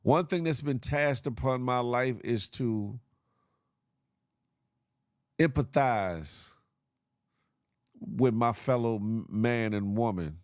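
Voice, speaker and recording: A man's voice: mid-range voice, takes it slowly, pauses often, clean tone, no room sound, studio quality. Preachy man ranting on a morning show. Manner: preachy, repetitive, motivational ranting with slang and laughs. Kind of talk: casual livestream monologue.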